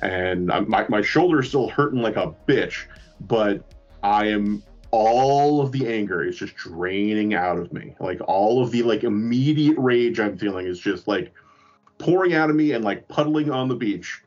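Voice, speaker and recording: A man's voice: fairly low pitch, animated, moderate pace, darkish tone, lo-fi sound, faint music behind. A man casually telling a long, rambling, profane story about his trip, poking fun at himself. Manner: rambling, profane, self-mocking. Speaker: podcast co-host.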